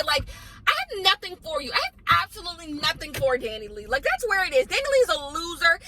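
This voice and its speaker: A woman's voice: extremely high pitch, sing-song, fairly quick, bright, forceful tone, slight background noise, poor audio. A woman giving a blunt, emphatic ranting commentary as the host of her own vlog, hammering points home by repeating them. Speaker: commentary vlogger.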